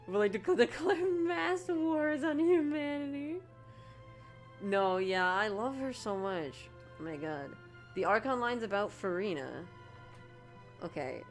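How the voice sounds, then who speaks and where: A young woman streaming a game, gushing and stammering excitedly as she reacts to the story. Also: mid-range voice. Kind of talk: casual game stream commentary.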